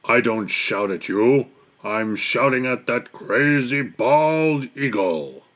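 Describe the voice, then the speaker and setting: A man voicing a loud, grumpy male bear in a storybook, speaking slowly and blusteringly with a changed timbre. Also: animated. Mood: booming. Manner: booming, slow and blustery.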